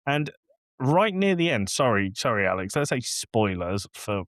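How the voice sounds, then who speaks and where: A man's voice: mid-range voice, sing-song, measured pace, a bit bright, no room sound, studio quality. A man co-hosting a podcast, ranting in a casual, exasperated way and acting out scenes. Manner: exasperated, ranting, acts out lines from the film. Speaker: podcast co-host. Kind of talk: casual film review chat.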